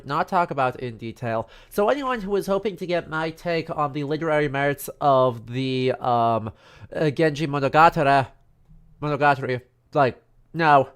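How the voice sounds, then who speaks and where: A man's voice: on the high side, clean tone. A man with a congested, stuffy nose giving a casual, joking history lecture on a livestream from home. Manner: chatty and joking, many fillers and asides. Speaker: history streamer. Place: home in the countryside.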